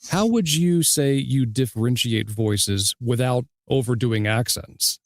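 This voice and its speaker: Male podcast host, unhurried, gravelly, short replies and questions. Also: medium pitch, no echo, clean studio sound. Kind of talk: casual interview.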